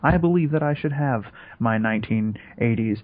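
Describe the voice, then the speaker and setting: A man's voice: medium pitch, moderate pace. A man co-hosting a podcast in casual chat, emphatic and repeating himself for effect. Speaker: podcast co-host. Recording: tinny phone-like sound.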